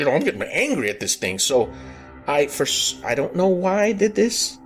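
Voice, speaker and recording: A man hosting a podcast, telling a personal paranormal story in an earnest, halting way, often circling back to rephrase himself. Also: on the high side, sing-song. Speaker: podcast host. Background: background music.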